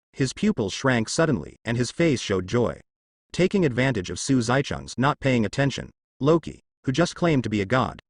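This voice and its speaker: Man narrator, storybook reading, steady delivery, lively pitch, dry close sound. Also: no room sound. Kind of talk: storybook narration of a translated fan novel.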